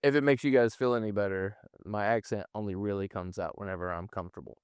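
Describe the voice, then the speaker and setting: A man's voice: on the low side, steady tone, quick pace, clean tone, dry recording, clean studio sound. Man musing casually as a podcast guest. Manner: thoughtful, rambling with many restarts. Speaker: actor guest.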